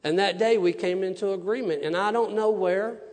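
A male minister preaching a testimony sermon, voicing each exchange with animation. His voice sits high for a man. The sound hangs in a long church reverb. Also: moderate pace. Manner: animated storyteller acting out dialogues. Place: church sanctuary.

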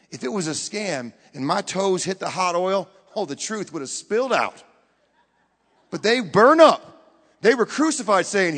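A man preaching a sermon, emphatic, swinging between loud bursts and hushed lines. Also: high voice, expressive, moderate pace. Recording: long hall reverb.

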